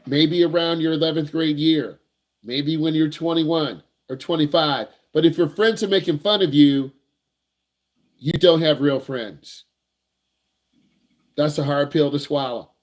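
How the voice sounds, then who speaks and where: A man's voice: on the high side, a little slow, pauses often. A man working as a driving instructor, giving blunt, repetitive, slangy advice to young drivers in a casual teaching talk.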